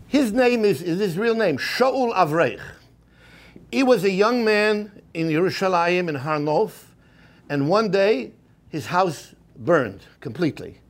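A man giving a storytelling sermon as a rabbi, animated and mixing in Hebrew and Yiddish terms. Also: sits high, unhurried. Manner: animated, acts out the people in his stories.

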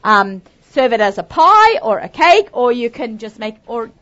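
A woman's voice: fairly high pitch, very animated, moderate pace, fairly bright tone. An Australian woman hosting a live cooking demonstration, talking chattily and upbeat with lots of asides. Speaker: cooking show host. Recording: dull lo-fi sound.

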